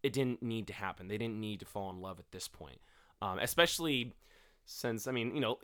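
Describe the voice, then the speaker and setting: A man's voice: lowish voice, expressive, fairly quick, a bit bright, clear, resonant tone. A young man co-hosting a podcast, talking casually and profanely, often quoting characters in mocking voices. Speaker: podcast co-host. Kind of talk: casual chat.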